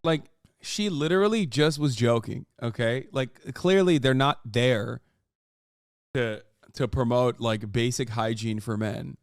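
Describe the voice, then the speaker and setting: A man's voice: medium pitch, measured pace, no room sound, clean studio sound, soft background music. A man in his thirties reacting to a video on stream, sarcastic, swearing and ranting in casual commentary. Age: 30s.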